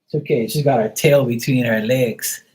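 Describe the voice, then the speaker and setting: A man hosting a casual live stream, cursing freely and joking with viewers, then softly soothing his dog. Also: medium pitch, fairly even intonation, normal speed, slightly rough, rough recording. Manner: loose, profane, teasing banter with viewers. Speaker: live stream host reading chat.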